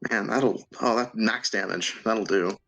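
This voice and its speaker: A man narrating as game master of a tabletop game, halting, with many fillers and restarts, often laughing. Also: lowish voice, fairly bright tone.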